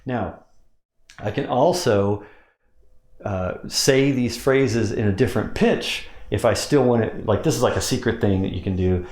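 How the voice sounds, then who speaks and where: Casting note: man with a lowish voice, instructional coach who breaks ideas down step by step, roomy echo. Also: measured pace, a little mellow. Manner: explains step by step, demonstrates with pitch changes. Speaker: sales hypnosis coach. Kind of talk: instructional explanation.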